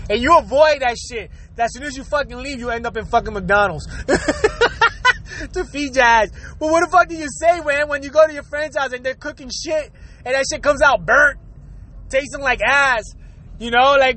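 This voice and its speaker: A man with a strikingly high voice rants to his vlog audience with a crude, comic streak. He laughs often and swears freely. His tone is bright and forceful throughout. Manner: acts out quoted excuses in a lower voice. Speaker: vlogger. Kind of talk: profane comedic rant to camera.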